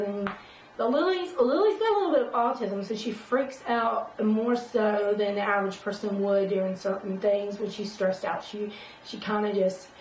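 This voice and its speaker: A woman's voice: medium pitch, darkish tone, distant mic. A woman telling a personal story in a casual vlog, rambling with many fillers and restarts. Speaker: vlogger. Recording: roomy sound from away from the mic, faint noise.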